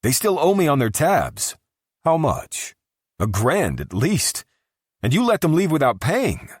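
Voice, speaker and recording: A man's voice: a little high, wildly swooping pitch, measured pace, slightly rough, no room sound, studio quality, pitched above the performer's own voice, exaggerated voice. A man putting on a whiny indignant bartender. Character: annoyed male bartender, indignant.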